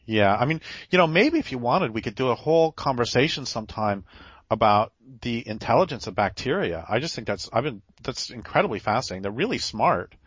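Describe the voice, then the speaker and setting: A man's voice: medium pitch, lively intonation, fairly quick, fairly bright tone, husky, dry recording. A man hosting a casual conversation, talking in a rambling, hesitant way with flashes of sarcasm. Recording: dull lo-fi dry recording.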